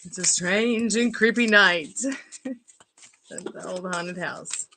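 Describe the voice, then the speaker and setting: A woman's voice: fairly low pitch, takes it slowly, bright, forceful tone, a little hiss or hum, rough recording. A woman giving a live-stream tarot reading, chatty and rambling and laughing often. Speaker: tarot reader. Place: at home.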